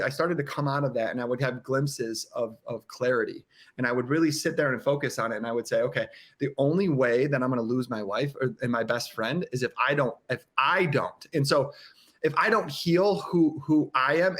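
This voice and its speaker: As a podcast guest, a man shares candidly and earnestly in conversation, speaking haltingly with many restarts and acting out what other people said. His voice is medium-pitched and a bit bright.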